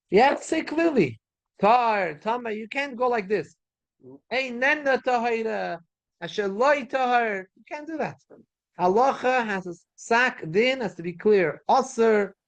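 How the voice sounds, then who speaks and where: A man teaching a Talmud class as a rabbi, animated, repeating his points and asking rhetorical questions. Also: fairly high pitch. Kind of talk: Torah class lecture. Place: synagogue study hall.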